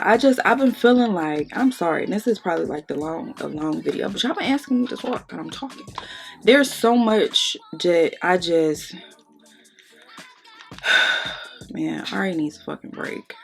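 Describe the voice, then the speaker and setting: Gravelly, profane woman venting. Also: fairly low pitch. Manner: blunt and profane, venting emotionally. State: on the verge of tears. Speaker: beauty vlogger. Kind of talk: candid talk during a makeup tutorial.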